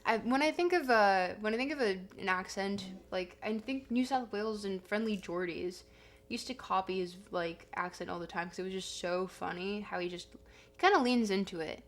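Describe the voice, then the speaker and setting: Speaking at a normal speed in a mid-range voice, a young woman hosts a laid-back livestream, rambling and self-correcting as she chats. Soft guitar music plays in the background.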